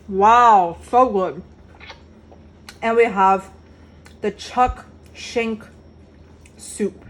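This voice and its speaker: A woman's voice: mid-range voice, slight background noise. A woman food vlogger talking casually to her viewers while cooking, gushing about her food, in a home kitchen on a handheld phone camera.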